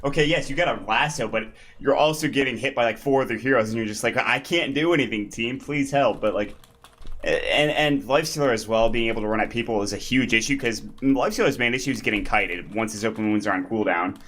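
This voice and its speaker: A young man gives live esports analysis in a chatty, rambling way, full of fillers. His voice sits a little low for a man. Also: fast talker, fairly bright tone. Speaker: esports caster. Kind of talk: live game commentary.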